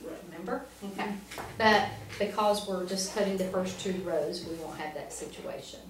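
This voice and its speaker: A woman's voice: mid-range voice, normal speed, crowd noise. A woman reading teacher tutoring a student one-on-one, patient and encouraging, prompting step by step. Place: classroom. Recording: roomy, from far off, faint noise.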